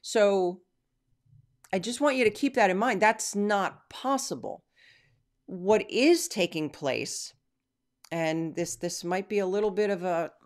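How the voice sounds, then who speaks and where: A woman hosting a Christian teaching stream, praying and then answering viewer questions in an earnest, emphatic way with drawn-out stresses. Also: fairly low pitch, darkish tone. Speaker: Christian teacher and show host.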